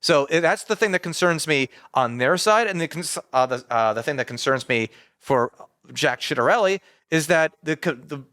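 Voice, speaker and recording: A man co-hosting a casual political podcast, rambling and animated as he acts out what politicians say. His voice sits a bit high for a man. The recording is dry and close, with little room sound. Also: normal speed, no echo. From New Jersey. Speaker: podcast co-host.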